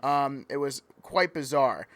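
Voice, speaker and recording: A man's voice: mid-range voice, lively intonation, slow pace, fairly bright tone, dry recording. A man calling play-by-play in a joking mock sports broadcast, playful and easily sidetracked. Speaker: play-by-play commentator.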